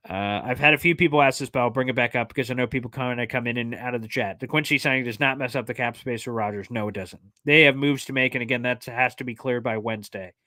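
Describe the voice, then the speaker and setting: A man hosting a casual sports livestream, answering fan questions in an excitable, jokey way with plenty of fillers. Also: mid-range voice, no echo, studio quality. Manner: excitable, jokey, fast-talking with many fillers. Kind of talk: casual live chat reading fan questions.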